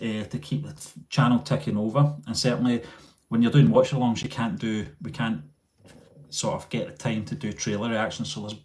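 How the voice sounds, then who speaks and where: A man's voice: fairly low pitch, a little mellow. A man hosting a rambling live chat with viewers, full of fillers and restarts, recorded on a mobile phone. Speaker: channel host.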